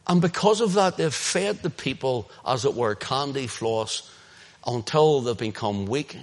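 A man with a Northern Irish accent preaching an impassioned sermon, swinging between loud emphasis and hushed asides. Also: medium pitch, expressive, unhurried. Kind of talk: sermon, streamed online.

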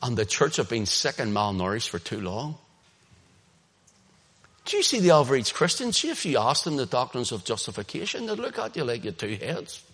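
Male preacher, Northern Irish accent, mid-range voice, impassioned sermon with loud-to-hushed swings. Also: mid-range voice, sing-song, a little fast, slightly rough. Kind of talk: sermon, streamed online.

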